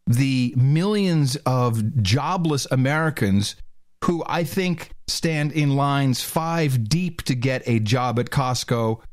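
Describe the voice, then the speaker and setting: A man's voice: slow pace, dry recording, clean studio sound. A man hosting a talk show, mocking played clips with sarcastic commentary. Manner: mocking, sarcastic, mimics voices with pitch jumps.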